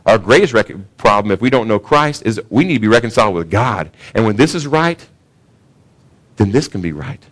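A pastor preaching a sermon in a casual, conversational way, often asking the congregation questions. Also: male voice, fairly low pitch, lively intonation, brisk. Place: church sanctuary.

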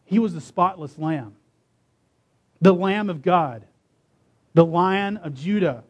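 Guy preaching, high voice, reads scripture all dramatic and emphatic. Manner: dramatic, emphatic, slowing on key words. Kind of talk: sermon with scripture reading.

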